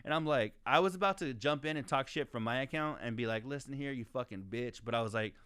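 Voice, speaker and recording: A man's voice: medium pitch, fast, pushed and bright, smooth, no room sound, studio quality. Ranting, swearing man on a podcast. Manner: heated ranting, heavy swearing, stumbling restarts. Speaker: podcast co-host. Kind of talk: casual profane podcast chat.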